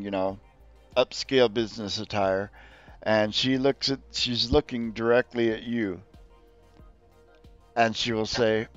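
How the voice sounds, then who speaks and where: A man narrating as game master in a relaxed way, pausing often with filler words. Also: on the low side, dry recording, lo-fi sound. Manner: relaxed, with frequent ums.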